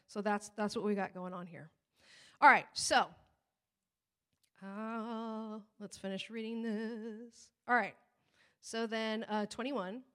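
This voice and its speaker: A woman pastor preaching in a conversational, animated way, retelling a family story and scripture with acted-out quotes. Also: mid-range voice. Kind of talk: sermon with personal storytelling.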